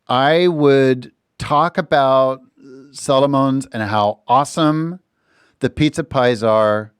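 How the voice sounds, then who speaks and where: In a dry studio recording, a middle-aged podcast host with a clear, resonant mid-range voice spins a casual, lively story. Whenever he quotes someone, he performs their lines in a different voice.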